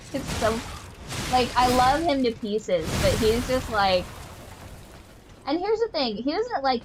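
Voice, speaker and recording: A young woman streaming a game, chatting casually in a rambling way full of "like" fillers and telling animated, playfully exasperated stories. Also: a little high, background noise. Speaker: gaming streamer. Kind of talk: casual chat while playing a game.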